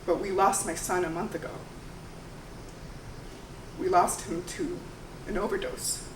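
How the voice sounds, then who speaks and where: A woman voicing a wise older female shop owner who asks gentle, probing questions. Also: lowish voice, expressive, a little slow, noisy background. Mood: grave. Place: theater stage. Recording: roomy live stage sound from far off.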